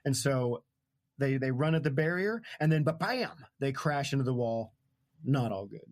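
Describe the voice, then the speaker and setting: A man's voice: medium pitch, animated, moderate pace, a little mellow. A man hosting a podcast, retelling a book in casual chat, joking and laughing often and trailing off mid-sentence. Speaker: podcast host.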